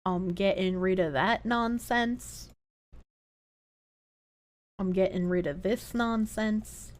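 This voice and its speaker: A woman's voice: mid-range voice, slow pace. A woman livestreamer chatting casually, swearing freely as she reacts to videos. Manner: animated, profane, reacting to videos. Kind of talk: casual chat.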